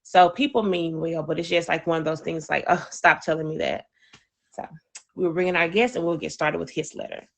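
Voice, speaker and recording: Earnest low-voiced woman hosting a podcast. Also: steady tone, gravelly. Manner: reflective, earnest, halting. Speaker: podcast host. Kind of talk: casual podcast talk.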